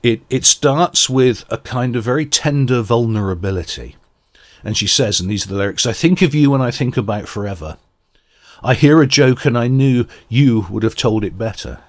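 A man's voice: mid-range voice, animated, normal speed. A man giving a reflective, earnest radio album review and searching for words as he goes. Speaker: music reviewer.

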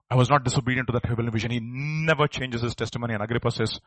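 Animated male preacher, husky voice. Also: medium pitch, very fast, few pauses, no room sound. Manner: acts out quoted voices and builds to emphatic outbursts. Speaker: pastor. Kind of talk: sermon.

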